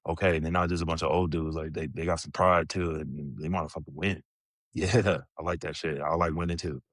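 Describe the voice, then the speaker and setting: Brief: thirties male guest, deep low register, loose profane storyteller, dead-dry close mic. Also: fairly even intonation, brisk, fairly bright tone, no room sound. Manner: laid-back, swears freely, chuckles often. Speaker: podcast guest, retired pro basketball player. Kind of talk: casual storytelling interview.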